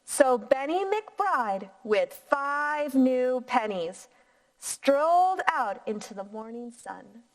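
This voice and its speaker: Slow, sing-song woman teacher. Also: high-pitched, sing-song. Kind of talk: reading a picture book aloud to young children.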